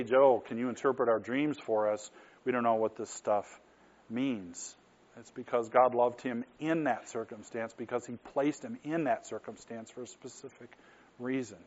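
A middle-aged pastor preaching to his congregation in a plain, mid-pitched man's voice. He talks earnestly and conversationally, asking rhetorical questions. The recording sounds slightly dull and lo-fi. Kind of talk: sermon.

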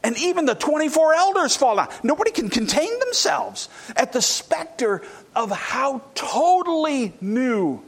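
A man preaching a sermon, swinging between loud exclamations and hushed, near-whispered reflection. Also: very high-pitched, very animated, measured pace, creaky, husky. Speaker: pastor.

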